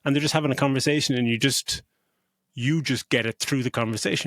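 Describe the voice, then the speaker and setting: A man's voice: medium pitch, fast, no room sound, studio quality. A middle-aged man co-hosting a podcast, gushing about a film in casual chat and swearing freely. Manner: effusive, swears freely, animated retelling. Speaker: podcast co-host. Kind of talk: casual movie review chat.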